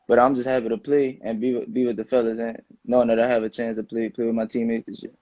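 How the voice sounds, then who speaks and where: Young man with a dark, flat voice. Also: medium pitch, quick pace, no echo. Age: late teens. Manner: relaxed, loose slangy phrasing with many "you know"s. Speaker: high school football player. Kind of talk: casual interview answers. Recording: dull, muffled dry sound.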